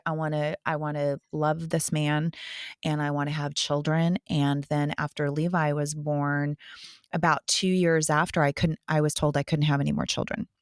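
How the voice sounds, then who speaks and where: A woman's voice: low-pitched, no echo, clean studio sound. A woman hosting a faith podcast, sharing her own story in a heartfelt, personal way before asking her guest a question. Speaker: podcast host.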